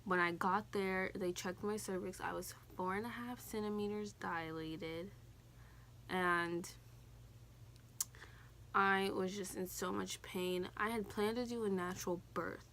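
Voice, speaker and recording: A woman's voice: mid-range voice, steady tone, measured pace, fairly bright tone, a little hiss or hum. Chatty teen woman vlogger. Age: teens. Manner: chatty, candid, swears casually. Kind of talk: casual storytelling vlog.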